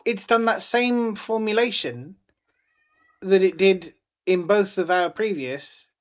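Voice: mid-range voice, animated, slow pace. A podcast co-host with a mid-range voice talks casually, circling back on phrases and repeating words as the thoughts come together. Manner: rambling, repeats words while thinking aloud. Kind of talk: casual chat.

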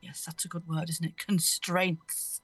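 Casting: woman radio host, middle pitch, loose chatty storyteller, dry close sound. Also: moderate pace, fairly bright tone, dry recording. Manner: rambling, anecdotal, laughs through her stories. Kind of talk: casual chat.

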